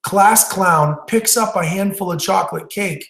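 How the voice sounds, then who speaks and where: A man's voice: high voice, measured pace, creaky, a bit bright. A man teaching stage hypnosis in a webinar, telling a story in a conversational way with fillers and restarts. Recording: roomy echo.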